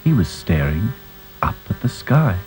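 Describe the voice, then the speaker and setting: A man narrating a children's story in a gentle, unhurried way. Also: on the low side, big pitch swings, low-quality recording.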